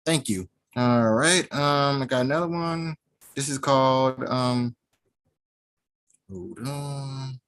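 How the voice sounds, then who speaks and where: Slow, measured spoken-word poet. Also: mid-range voice, a bit bright. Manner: measured, rhythmic recitation with searching pauses between poems. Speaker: open mic poet. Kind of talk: poetry reading. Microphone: video call.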